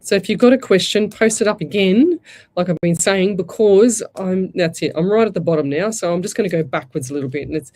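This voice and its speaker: A woman's voice: on the low side, a little fast. An Australian woman hosting a live radio show, giving psychic readings in a chatty, rambling way. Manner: chatty, rambling, warm asides like "lovey". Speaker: psychic medium radio host.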